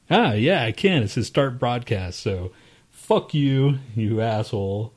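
A man co-hosting a podcast trades crude, casual banter, swearing, teasing and laughing often. His medium-pitched voice is animated, and he takes it slowly.

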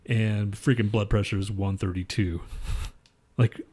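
A male podcast co-host with a fairly low, slightly rough voice takes his time as he rambles through a crude, profane story. It's casual chat, and his retelling is animated.

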